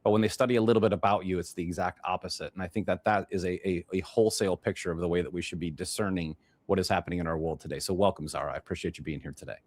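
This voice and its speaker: Racing along with hardly any pauses, a low-voiced podcast host with a Chicago accent keeps his intonation fairly even. His casual talk-show monologue introduces a guest, rambling and restarting phrases as it goes.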